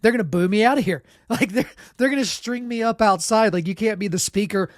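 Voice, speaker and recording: A man with a sore, sick throat, casually telling a story as podcast host, relaxed and self-deprecating with lots of "you know" and "like". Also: high-pitched, a little fast, dry recording, studio quality.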